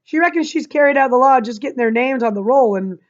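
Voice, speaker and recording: Woman doing a plain-spoken older schoolboy, higher pitch, lo-fi recording. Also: expressive, fast talker. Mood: explaining. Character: older schoolboy, matter-of-fact.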